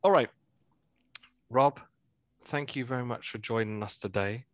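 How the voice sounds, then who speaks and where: A man's voice: medium pitch, unhurried, dry recording. A man hosting a podcast, chatting casually and teasing his guest with a laugh. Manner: relaxed, laughs easily, teasing questions. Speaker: podcast host. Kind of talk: casual chat.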